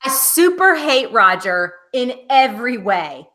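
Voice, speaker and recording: A woman in her thirties co-hosting a casual podcast chat, an animated storyteller. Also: a little slow. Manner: animated storyteller, acts out quotes in a high wail. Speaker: podcast co-host.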